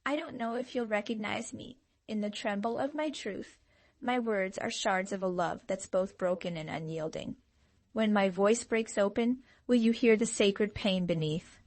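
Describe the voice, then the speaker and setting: A woman reading a scripted channeled love message as a tarot reader, in a slow, dramatic, emotive way. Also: medium pitch, a little mellow, no room sound.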